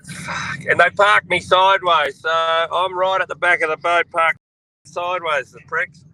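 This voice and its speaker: A man's voice: sits high, fairly even intonation, unhurried, pushed and bright, slight background noise, low-quality recording. A middle-aged Australian man on a boat, talking over a phone or video call as a guest in casual sports chat, blokey and calling everyone mate. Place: on a boat, outdoors.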